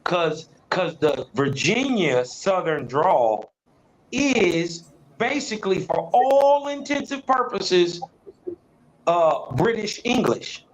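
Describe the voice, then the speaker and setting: High-voiced man chatting slowly. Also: sing-song, slight background noise, poor audio. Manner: laid-back, laughs often, swears. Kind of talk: casual chat.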